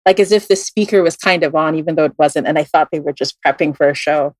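A woman who reads tarot, telling a story in a casual, animated way, full of "like" fillers. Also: low voice, fast talker, dry recording.

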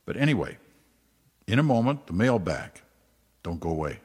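A man's voice: low voice, sing-song, moderate pace, darkish tone, slightly rough, long reverb tail. An older man hosting a podcast, talking casually and wandering into asides with some self-deprecating humor. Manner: conversational, digressive, self-deprecating. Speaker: podcast host. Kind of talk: casual solo podcast commentary.

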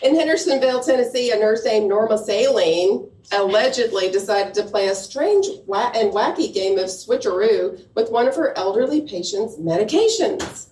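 A woman hosts a comedy show, reading mock news items with playful, deadpan timing. Her voice sounds distant in an echoey room. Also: mid-range voice, normal speed, hardly any pauses.

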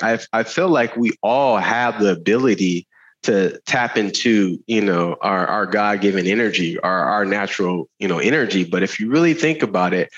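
Guy telling stories on a podcast, kinda low voice, lots of "you know", muffled sound. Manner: animated, laughing, many fillers and restarts. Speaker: guest speaker. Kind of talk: candid conversational storytelling.

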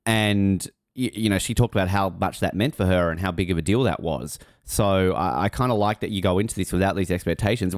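Joking podcast co-host. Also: male voice, fairly low pitch, clear, resonant tone, dry recording, studio quality. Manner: joking, rambling, many fillers. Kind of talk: casual podcast chat.

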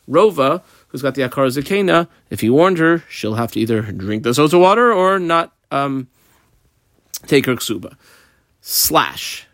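Lively sing-song male Talmud teacher. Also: medium pitch, dry recording, studio quality. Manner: explains line by line, mixing Hebrew and Aramaic terms. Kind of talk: Talmud lesson walkthrough.

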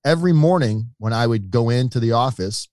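In an interview, a middle-aged man narrates his personal story with animation, taking on the voices of its characters as a podcast guest. His mid-range voice runs fairly quick. The sound is clean studio audio without echo.

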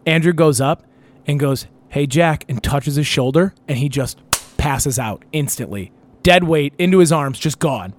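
A man's voice: on the high side, moderate pace, slight background noise. A young man telling a wild story on a casual talk show, swearing often and acting out what people said. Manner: animated, profane, acts out quotes.

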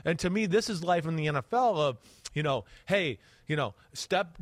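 A man hosting a sports podcast in casual chat, animated and acting out quarterback reads with sound effects. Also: a little high, moderate pace, no room sound. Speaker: podcast host and quarterback analyst.

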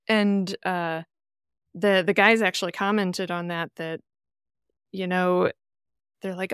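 A woman's voice: medium pitch, measured pace, clear, resonant tone, dry recording, studio quality. A woman from the American Midwest, a podcast guest chatting casually and acting out the people she quotes. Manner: animated storyteller, acts out quoted voices.

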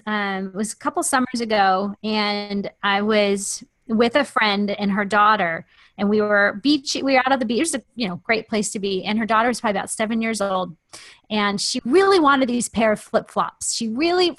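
A woman hosting a faith-based podcast, telling stories in an impassioned, animated way. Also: mid-range voice, no room sound. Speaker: podcast host.

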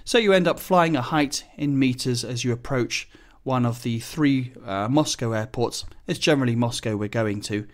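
Chatty pilot explaining procedures. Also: male voice, medium pitch, moderate pace, hardly any pauses. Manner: chatty, relaxed, explains technical terms plainly. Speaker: business jet pilot. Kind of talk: casual explanatory monologue.

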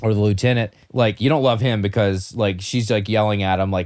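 A man's voice: fairly low pitch, fairly even intonation, fairly quick, few pauses, darkish tone, dry recording, clean studio sound. A man hosting a casual movie discussion podcast, talking with enthusiasm and acting out quotes. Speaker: podcast host.

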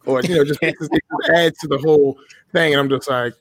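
A man's voice: fairly high pitch, fairly even intonation, brisk, no room sound. A man chatting casually on a podcast as a guest, telling stories in a laid-back, profane way and quoting other people's reactions. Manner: profane, laid-back storytelling with quoted voices. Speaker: guest, beard-care business owner.

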